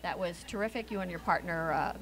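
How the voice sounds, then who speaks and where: A woman's voice: fairly low pitch, fast talker, fairly bright tone, slight background noise. Playful woman judge from New Jersey. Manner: punning, playful. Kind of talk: live event commentary.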